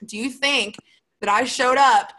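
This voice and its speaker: A woman's voice: fairly high pitch, a little slow, bright, forceful tone, rough recording. A young woman, a sales team leader talking in a chatty, emphatic way in a motivational Q&A. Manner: chatty and emphatic, full of "like" and "you guys". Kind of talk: motivational Q&A livestream talk.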